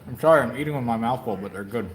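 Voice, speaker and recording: A man's voice: mid-range voice, rapid-fire, a little hiss or hum, low-quality recording. A man hosting a live stream from inside a bike shop, chatting playfully and laughing often. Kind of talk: casual live-stream chat.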